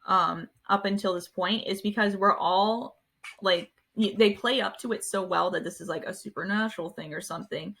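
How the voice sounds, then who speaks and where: A woman's voice: medium pitch, normal speed, vocal fry, fairly bright tone, slightly rough. A woman co-hosting a podcast in casual chat, easygoing and often chiming in with short agreements. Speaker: podcast co-host.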